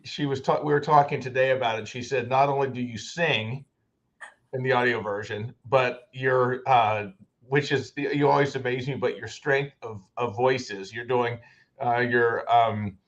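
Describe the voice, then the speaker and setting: A man's voice: medium pitch, steady tone, measured pace. A man from the United States hosting an interview over a video call, rambling with many restarts. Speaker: podcast host. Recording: dull lo-fi sound.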